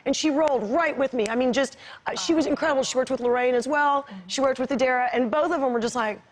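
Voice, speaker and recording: A woman's voice: high-pitched, fast talker. A woman in her forties, a guest on a talk show, chatting in a bubbly, gushing way with frequent laughter. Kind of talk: casual chat. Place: TV studio with audience.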